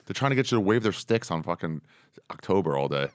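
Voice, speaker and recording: A man, a comedian guest on a podcast, riffing in casual comedic chat with deadpan lines and sudden jumps up in pitch. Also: quick pace, smooth, no echo, clean studio sound.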